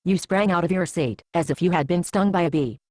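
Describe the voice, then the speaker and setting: A woman's voice: on the low side, brisk, darkish tone, no echo, lightly acted. A woman acting as a frank churchgoing friend who counsels with blunt, dry teasing in an amateur Bible drama. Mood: matter-of-fact.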